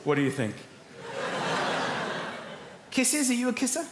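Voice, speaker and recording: A man hosting a comedy show in front of a live audience, playful and excitable. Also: very high-pitched, a little slow, very noisy. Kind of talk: live stand-up banter with audience. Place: TV studio before a live audience. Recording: echoey studio with loud crowd laughter. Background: audience laughter and applause.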